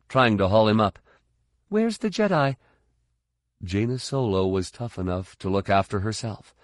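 Low-voiced man narrating an action audiobook. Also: no room sound, clean studio sound. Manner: steady, measured reading. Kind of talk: scripted narration.

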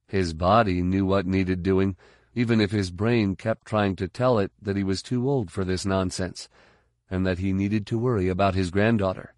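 A man reading an audiobook in measured, even scripted narration. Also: sits low, no room sound, studio quality.

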